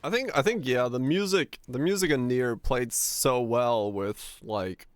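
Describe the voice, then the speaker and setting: Male streamer, casual rambling chat, medium pitch, loose filler-heavy talk. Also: a little slow, no echo. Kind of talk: casual livestream chat with viewers.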